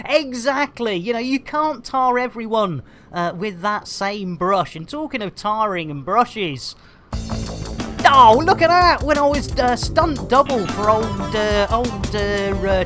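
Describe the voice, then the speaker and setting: A woman's voice: a little high, a bit bright. A woman streaming a game, bantering with her chat in a jokey, bubbly way, full of silly rhyming catchphrases and cheeky innuendo.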